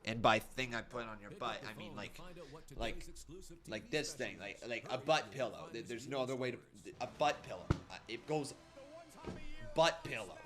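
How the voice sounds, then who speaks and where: A man's voice: medium pitch, moderate pace, music in the background. A man casually reacting to wrestling on a live stream, reading chat messages aloud and rambling with frequent laughs. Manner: joking, laughs often.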